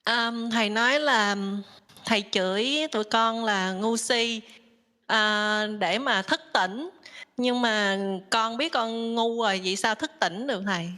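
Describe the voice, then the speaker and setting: Bright, polite female student. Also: fairly high pitch, measured pace. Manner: polite, deferential. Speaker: student asking a question.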